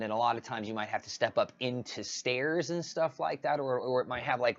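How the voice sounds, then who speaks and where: Guy rambling on a live stream, mid pitched, audio a bit muffled. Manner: rambling, many restarts and fillers. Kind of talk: casual livestream rant.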